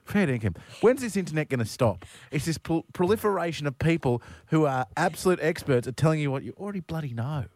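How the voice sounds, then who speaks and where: A man's voice: fairly high pitch, fast, hardly any pauses. A man in his forties with an Australian accent, co-hosting a radio show with sarcastic, ranting humour from a studio microphone. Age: 40s. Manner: animated, sarcastic, ranting jokes. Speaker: radio co-host. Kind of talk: banter on breakfast-style radio.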